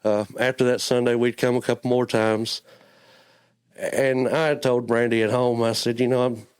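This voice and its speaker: A man giving an earnest personal faith testimony as a church guest. He talks haltingly, often repeating his words, and sounds close to tears. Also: mid-range voice, little pitch movement, a little mellow, clean tone. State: emotional, near tears.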